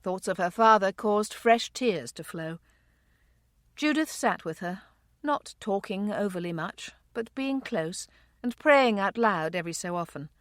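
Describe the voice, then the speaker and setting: A woman narrating a romance audiobook in a measured, unhurried way. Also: mid-range voice, animated, dry recording, clean studio sound. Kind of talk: scripted narration.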